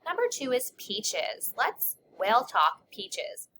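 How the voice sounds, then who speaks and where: A woman teacher walks young children through spelling words, stretching out each sound and naming every letter with care. Her voice is bright and forward, and she keeps an unhurried, deliberate pace. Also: fairly high pitch, sing-song, slight background noise.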